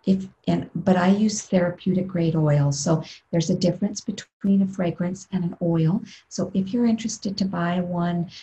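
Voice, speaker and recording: A middle-aged woman leading a guided meditation webinar over a video call, talking gently and unhurriedly, sometimes dropping into a breathy whisper. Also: lowish voice, steady tone, normal speed, hardly any pauses, muffled recording, a little hiss or hum. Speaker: meditation instructor.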